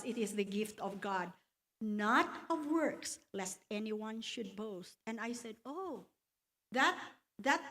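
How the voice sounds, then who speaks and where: A woman telling her personal faith testimony at a church luncheon, slow and earnest, quoting scripture along the way. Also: on the high side. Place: church hall.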